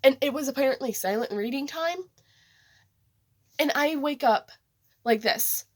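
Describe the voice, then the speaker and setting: A woman's voice: sits high, unhurried. A woman vlogger telling a story in a casual, rambling way, saying "like" a lot. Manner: rambling, heavy use of "like".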